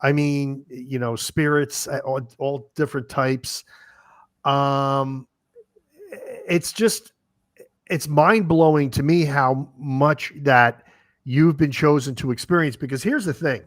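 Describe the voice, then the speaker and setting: A man's voice: medium pitch, dry recording. A man hosting a podcast, reacting and asking questions in a rambling way full of fillers. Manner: rambling, many fillers like "you know". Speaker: podcast host. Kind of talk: interview chat.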